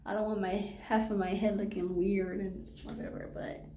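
A woman's voice: mid-range voice, flat delivery, normal speed, dark tone, roomy sound, slight background noise. A woman chatting casually through a home haircut in her vlog, flustered, swearing and laughing nervously. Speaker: hair vlogger. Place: echoey room at home.

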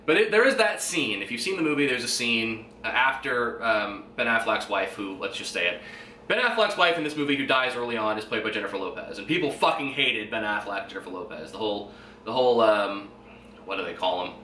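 This podcast host is a man in his twenties whose fairly low voice is pushed and bright, with lively intonation and a slightly fast pace. Alone on the mic, he rambles casually, curses freely, and chuckles between fillers, in an echoey room with faint background noise.

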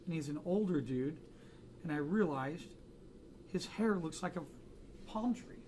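A man's voice: fairly high pitch, expressive, unhurried, a little mellow, slight background noise. A man teaching a drawing class, chatting casually and joking through anecdotes in front of students. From United States. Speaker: art instructor.

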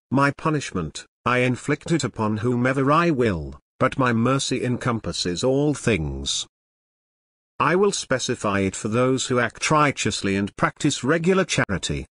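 Man reading scripture in short measured phrases. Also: mid-range voice, fairly bright tone, no echo, clean studio sound. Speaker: scripture reader.

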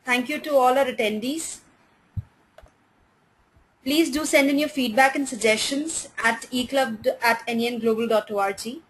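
A woman's voice: sits high, normal speed, slight background noise, low-quality recording. A woman moderating a webinar, politely reading out formal announcements. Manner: polite, formal, reads out details.

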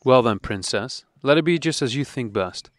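A man's voice: mid-range voice, animated, normal speed, no room sound, pitched above the performer's own voice, close to an everyday voice. A man reading an audiobook, voicing a jealous, brooding husband who speaks curtly and dryly. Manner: curt and dry.

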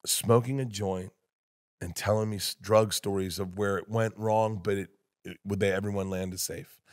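A man, a comedian guest on a podcast, telling loud rambling stories, acting out other people's voices and laughing often. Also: fairly low pitch, steady tone, normal speed. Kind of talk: casual podcast storytelling.

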